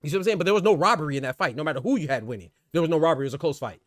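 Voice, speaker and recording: A young adult man with a slightly higher voice talks boxing in a casual, opinionated way, repeating himself and restarting his sentences as he builds a point. His slangy, emphatic delivery sounds close and dry, with no room sound around it. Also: racing, no echo. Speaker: boxing podcast host.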